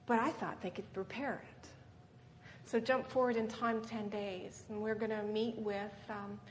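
A middle-aged woman telling a personal story as a seminar speaker, earnest, with frequent ums and tag questions. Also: medium pitch. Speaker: guest speaker. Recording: reverberant hall with faint noise.

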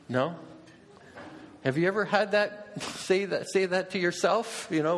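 A middle-aged male preacher with a fairly high voice talks to his congregation in an easy, conversational sermon. He keeps asking questions and repeating himself. His voice rings out in a hall with a long reverb. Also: moderate pace, a bit bright, a little hiss or hum.

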